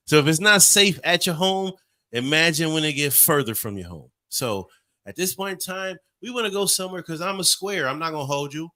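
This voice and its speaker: A man in his forties telling a story in casual podcast talk, animated and acting out voices and sounds. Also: on the high side, fairly quick. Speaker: podcast co-host.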